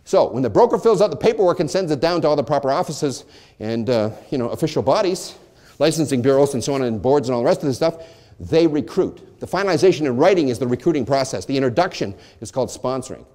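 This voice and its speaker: A man's voice: mid-range voice, animated, fast, mellow. A middle-aged man presenting at a lunch seminar, asking questions aloud and answering them himself as if playing both sides. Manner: asks and answers his own questions, voicing both sides. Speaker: real estate brokerage presenter.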